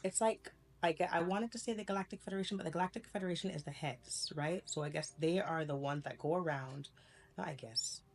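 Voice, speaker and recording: Rambling, animated woman telling a story. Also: lowish voice, fairly quick, slight background noise. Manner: rambling, animated, laughs often, self-correcting. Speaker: spiritual vlogger. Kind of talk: casual storytelling to camera.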